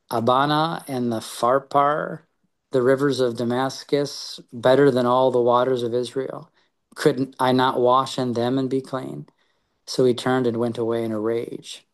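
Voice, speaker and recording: A man leading a small Bible study, reading scripture aloud and then reflecting on it in an earnest way. He talks haltingly, often repeating a word or starting a phrase over. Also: medium pitch, vocal fry. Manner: halting, with frequent repeated words and restarts.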